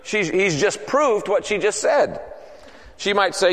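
A man's voice: high-pitched, animated, unhurried, a bit bright, in a large hall. A male pastor preaching a sermon in an earnest, repetitive cadence.

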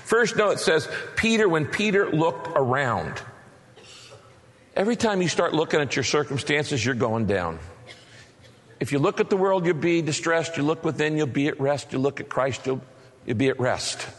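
A man preaching a sermon as a pastor, animated, acting out the voices he quotes. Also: a little high, normal speed. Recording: long reverb of a large hall.

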